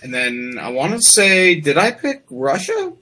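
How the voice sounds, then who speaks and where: A man's voice: high-pitched, wildly swooping pitch, a little slow, gravelly, bright, forceful tone. Male co-host, wisecracking and blunt, light hiss behind him. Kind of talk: casual sports talk.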